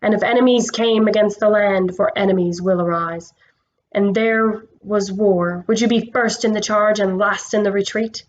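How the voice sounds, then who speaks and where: A woman voicing a wise, solemn male lion king who speaks slowly and gravely. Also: medium pitch, steady tone, lo-fi sound, natural voice. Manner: slow, grave and measured.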